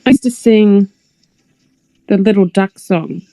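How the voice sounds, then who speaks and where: A woman co-hosting a podcast in casual chat, sarcastic and animated when telling stories. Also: mid-range voice, a little slow, no room sound. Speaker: podcast co-host.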